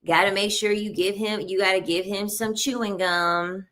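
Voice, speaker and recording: A woman's voice: medium pitch, steady tone, moderate pace, a bit bright. A woman in her thirties giving blunt, emphatic opinions in a casual commentary, often repeating her points. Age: 30s. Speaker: online commentator.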